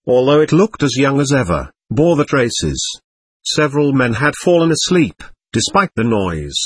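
A man's voice: mid-range voice, fairly bright tone, husky, dry recording. A man narrating an audiobook in the first person, reading with expression.

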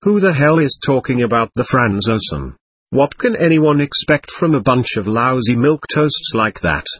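A man voicing a drunk, belligerent German corporal who shouts with contempt in an audiobook reading. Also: medium pitch, lively intonation, moderate pace, breathy edge, no room sound.

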